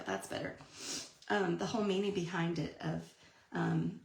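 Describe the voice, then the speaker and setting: A woman's voice: fairly low pitch, fairly even intonation, moderate pace, creaky. A woman, chatting through a live card-making demonstration and answering viewer comments. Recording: echoey room.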